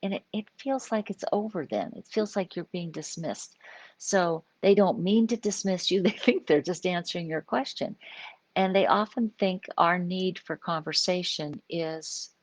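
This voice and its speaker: A woman's voice: fairly low pitch, animated, a little slow, no echo. An older woman, a psychologist, talking informally in a live stream, explaining ideas and often checking in with "right?". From US Pacific Northwest. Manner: conversational, explaining with frequent "right?" check-ins.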